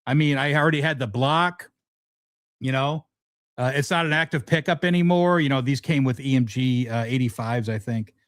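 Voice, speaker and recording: Answering viewers on a casual guitar livestream, a middle-aged man talks frankly and rambles, often restarting his sentences. He has a mid-range voice and a moderate pace, and there's no echo.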